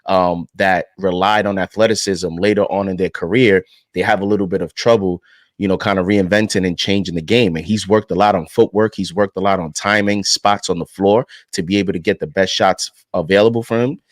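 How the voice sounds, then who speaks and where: Male panelist, low register, dry close sound, measured casual delivery. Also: fairly even intonation, dry recording. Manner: measured, says "you know" often. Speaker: podcast panelist. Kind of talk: casual sports discussion.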